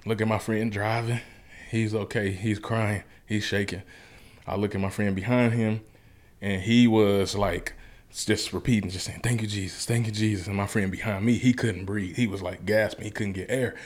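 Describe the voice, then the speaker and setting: Man, lowish voice, earnest and colloquial, personal story in an interview. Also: steady tone, moderate pace. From Memphis, Tennessee. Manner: earnest, colloquial, vivid retelling. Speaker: guest.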